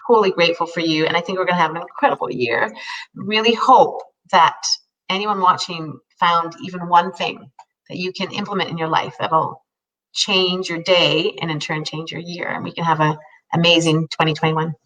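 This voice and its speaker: An older woman co-hosting a live video chat, telling stories in an animated way and acting out her own inner voice. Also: lowish voice, moderate pace, recorded from a distance, highs cut off. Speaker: co-host.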